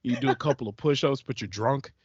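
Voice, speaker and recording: A man's voice: medium pitch, quick pace, breathy edge, no echo. A young man co-hosting a podcast in casual chat, teasing and joking with crude swears. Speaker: podcast co-host. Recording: dull, dry, lo-fi podcast mic.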